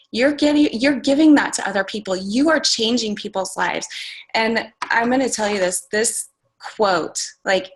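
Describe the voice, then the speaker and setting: A woman's voice: mid-range voice, fairly bright tone, rough recording. A woman coaching a group on a call, talking casually and earnestly, full of "like" and "you guys". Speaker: fitness coach sharing takeaways on a group call. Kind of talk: casual motivational talk. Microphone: conference call.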